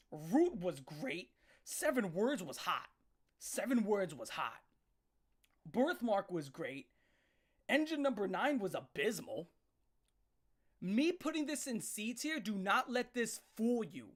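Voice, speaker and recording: A woman with a voice that sits a little high delivers a profane live rant. She is blunt and emphatic, stumbling into restarts and hammering the same point again and again. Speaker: music reviewer ranting on a live stream.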